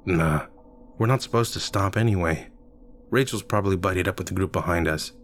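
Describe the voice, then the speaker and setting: A man's voice: low-pitched, fairly quick, a little hiss or hum, natural voice. A man voicing a laid-back, joking young friend in an offhand way.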